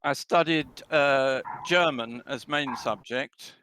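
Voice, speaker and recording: A man in his seventies from London with a London accent, chatting casually on a video call, talking with many pauses and ums. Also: medium pitch, bright, forceful tone, slight background noise. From London, England. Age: 70s. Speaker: guest speaker.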